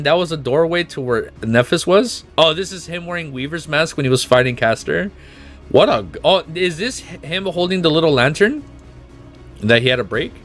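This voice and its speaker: Excitable swearing man streamer, lively pitch. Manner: excitable, emotional, swears constantly. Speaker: streamer reacting to a webnovel. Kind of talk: livestream reaction and reading aloud. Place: at home with his dog.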